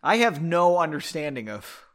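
A man's voice: a little high, big pitch swings, normal speed. A man hosting a comedic book reading podcast, breaking off to drink and mock the text with sarcastic asides. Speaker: podcast host.

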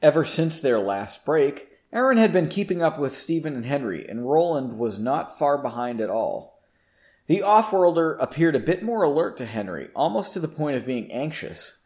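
A man reads his own story aloud on a podcast and often breaks off to joke at his own expense. His voice sits a little high and moves around a lot. He records in a basement studio at home. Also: very animated, moderate pace, a little mellow. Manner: joking, self-deprecating asides. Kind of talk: story reading with casual asides.

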